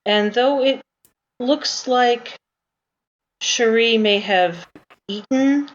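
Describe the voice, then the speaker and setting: A woman's voice: on the high side, drawn-out words. A woman narrating a tabletop game as game master, talking casually with frequent restarts and small laughs. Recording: slightly dull lo-fi mic with faint hiss.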